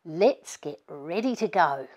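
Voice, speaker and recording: Brisk cheerful mum, practical instructions, lively lilting voice, unhurried, read by a woman. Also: on the low side. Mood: gentle. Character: practical cheerful mother of a farm family.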